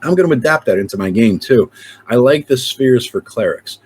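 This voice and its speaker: A man's voice: normal speed, husky. A man hosting his own channel, talking casually and swearing freely as he rants. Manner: profane, animated ranting with sudden pitch jumps. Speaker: channel host. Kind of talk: casual ranting chat.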